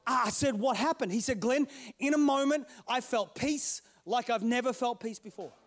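A middle-aged male pastor telling a story in a sermon, playful and animated, calling out to his congregation. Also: extremely high pitch, moderate pace.

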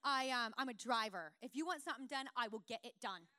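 A woman preaching a sermon, telling lively self-mocking stories and then turning soft and earnest. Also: fairly high pitch, fast, no echo, clean studio sound. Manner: animated, self-mocking storyteller.

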